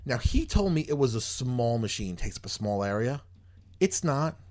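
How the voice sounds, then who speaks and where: A man's voice: medium pitch, very animated, moderate pace, darkish tone. A man hosting a podcast, telling a long story in casual chat, rambling and exasperated, swearing freely. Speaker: podcast host.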